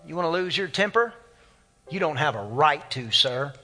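A man's voice: fairly high pitch, animated, moderate pace, bright, forceful tone, faint music behind. A man, a pastor preaching an impassioned, conversational sermon. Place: church sanctuary.

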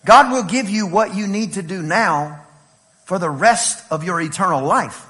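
A man from East Texas with an East Texas accent, preaching a lively sermon and telling playful stories to his congregation. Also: sits high, a little slow. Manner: animated, playful storytelling with laughs and shouts. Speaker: pastor.

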